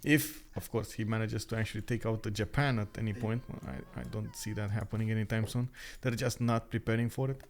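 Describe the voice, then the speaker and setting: Excitable male esports caster, quick talk. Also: fairly low pitch. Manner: excited, quick, many filler sounds. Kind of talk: live strategy game commentary.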